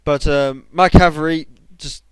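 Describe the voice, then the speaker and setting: Excitable young gamer, smooth voice. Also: male voice, measured pace, no echo, poor audio. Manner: excitable, bursts into high shouts. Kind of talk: gameplay commentary.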